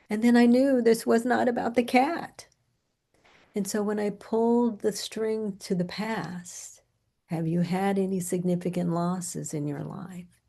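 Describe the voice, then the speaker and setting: A middle-aged woman therapist lectures on grief, weaving in client stories at a very slow, unhurried pace. Her voice sits slightly low with a noticeable gravelly fry. She often softens almost to a whisper. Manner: soft-spoken, unhurried storytelling, drops to near whispers. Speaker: grief therapist presenting a training.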